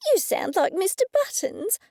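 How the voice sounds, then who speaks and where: A woman voicing a lively, cheerful female friend who runs a boarding house, speaking in a bright, chirpy way. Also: extremely high pitch, normal speed, no echo, studio quality, voice pushed up, exaggerated voice.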